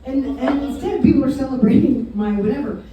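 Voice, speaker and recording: A woman's voice: high-pitched, a little fast, very echoey, distant mic, lo-fi sound, background noise. A woman doing a bawdy, confessional stand-up set in a pizza restaurant, laughing at her own jokes. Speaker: stand-up comedian. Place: pizza restaurant comedy night.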